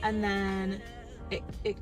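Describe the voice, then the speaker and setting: A woman's voice: medium pitch, monotone, slow, music in the background. A woman vlogger telling a story as a casual rant, acting out both sides of her conversations.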